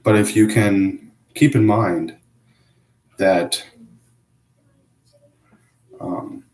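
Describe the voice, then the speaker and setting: A man talking to camera in a hesitant, self-critical confessional monologue, full of pauses and restarts. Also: fairly low pitch, fairly even intonation, darkish tone, echoey room, poor audio. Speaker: vlogger.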